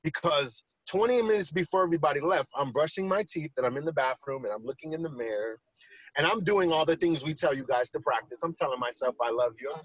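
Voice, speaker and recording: Animated storytelling man, husky voice. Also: fairly high pitch, fast talker, no echo, poor audio. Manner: animated, acts out quoted lines. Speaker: podcast co-host. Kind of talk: casual storytelling chat.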